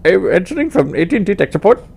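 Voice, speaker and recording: A man putting on the voice of an overly cheerful male phone tech support agent, loud and high. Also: very animated, fast talker, creaky, breathy edge, exaggerated voice. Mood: chirpy.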